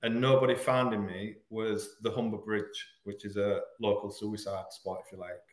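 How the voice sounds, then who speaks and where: A man from Hull, frankly telling a painful personal story as a podcast guest, halting at the hardest moments. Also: on the low side, level tone, echoey room. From Hull, England. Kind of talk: candid personal storytelling in an interview.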